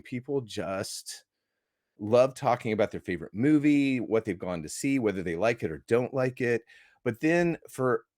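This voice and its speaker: A man's voice: mid-range voice, dry recording, studio quality. An American man, a movie critic, talking as a guest in a casual interview, enthusiastic and rambling with restarts. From United States.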